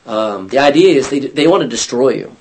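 A man's voice: mid-range voice, animated, fairly quick, a little mellow, slight background noise, rough recording. A man leading a Bible study class, reading scripture aloud and putting questions to his students.

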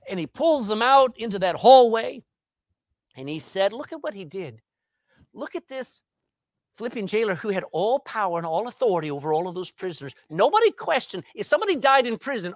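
Male preacher, lively pitch, rhetorical, dry close recording. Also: moderate pace, no echo. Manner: animated, rhetorical questions, swings between loud and soft. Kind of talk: sermon.

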